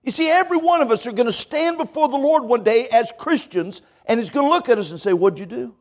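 High-voiced man preaching a sermon. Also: expressive, quick pace. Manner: storytelling sermon with quoted dialogue, repeated questions.

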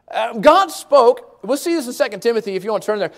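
A man preaching a sermon in a high, bright-pitched voice. He drives his points home by repeating key words, rushing some phrases and drawing others out slowly. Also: big pitch swings. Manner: emphatic, repeats key words, varies pace widely.

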